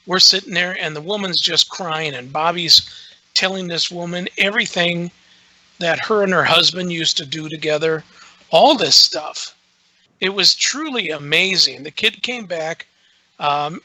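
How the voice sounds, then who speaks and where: A man's voice: fairly high pitch, sharp tone, poor audio. A man, a guest on a podcast, telling a long story casually, full of filler words and restarts. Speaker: guest, radio show host.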